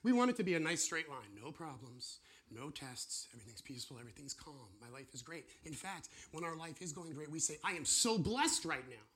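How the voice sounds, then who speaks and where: Male preacher, casual teaching tone, voice sitting a little high, very expressive delivery that acts out little dialogues. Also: a little fast, few pauses. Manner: animated, acts out voices of God and believers. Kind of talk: casual teaching sermon with drawings.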